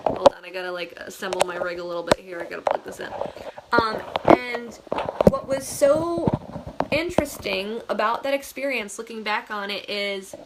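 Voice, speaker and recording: A young woman from the Buffalo area telling a personal story in a casual vlog, chatty and animated, laughing often. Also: mid-range voice, moderate pace, very noisy. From Buffalo, New York area. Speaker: vlogger, real estate agent.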